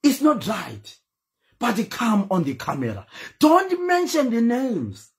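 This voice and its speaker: Impassioned Zimbabwean man, lively high voice. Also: measured pace, long pauses. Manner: pleading, emphatic, switches between English and Shona. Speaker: host. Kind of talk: impassioned live-stream talk.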